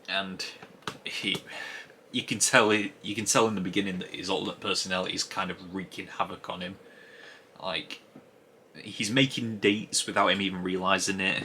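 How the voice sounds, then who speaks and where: A man's voice: on the low side, pushed and bright, a little hiss or hum. A man giving a casual spoken review of a TV episode, musing aloud and rambling with frequent restarts.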